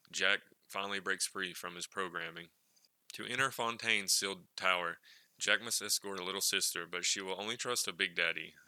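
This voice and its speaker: A man giving scripted narration for a video retrospective, in a steady, explanatory manner. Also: sits low, clear, resonant tone, no room sound, rough recording.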